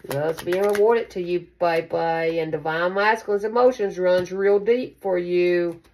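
A woman's voice: lowish voice, a little mellow, slight background noise. A woman giving a casual tarot reading to camera, chatty and affectionate, calling her listeners baby. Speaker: tarot card reader.

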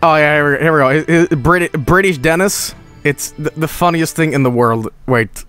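A man streams a video game, giving casual live-stream commentary full of swearing, rambling asides, and bursts of laughter. His voice is a little high, fairly quick, and fairly bright, with a clean tone and faint music behind it.

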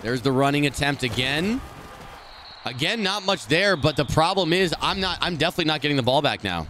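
A man streaming a football video game, talking through each play and often swearing and yelling at the game in frustration. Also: on the high side, expressive, fairly quick, a little hiss or hum. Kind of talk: live gameplay commentary.

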